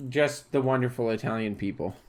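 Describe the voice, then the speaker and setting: A man's voice: mid-range voice, a little fast, a little mellow. A man co-hosting a podcast in casual chat, talking in crude, ranting bursts. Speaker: podcast co-host.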